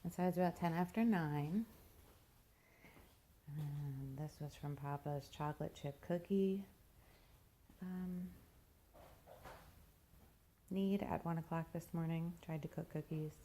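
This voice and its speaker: A woman's voice: low voice, fairly even intonation, slow, pauses often, dark tone, a little hiss or hum. A mother giving a casual, rambling walking tour of her messy house, sounding tired and plain-spoken. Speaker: mother vlogging a home tour. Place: house, indoors and around the yard.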